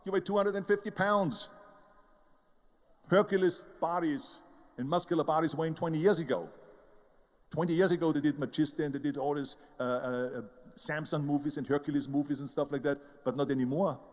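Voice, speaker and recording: A man's voice: on the high side, fairly even intonation, brisk, darkish tone, long reverb tail. An older man with an Austrian German accent giving an emphatic motivational speech, telling his story and acting out the voices of the people in it. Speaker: motivational speaker.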